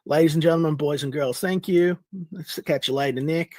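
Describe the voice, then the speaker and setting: A man's voice: on the high side, fairly quick, darkish tone, no room sound. A man talking casually and bluntly on a played stream clip, swearing freely. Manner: blunt and profane.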